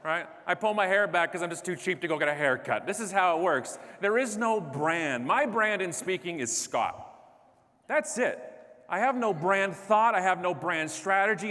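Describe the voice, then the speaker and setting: Animated man joking on a stage. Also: fairly high pitch, brisk. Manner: animated, joking, self-deprecating. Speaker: keynote speaker. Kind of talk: comedic keynote speech. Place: large conference stage. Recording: echoey hall.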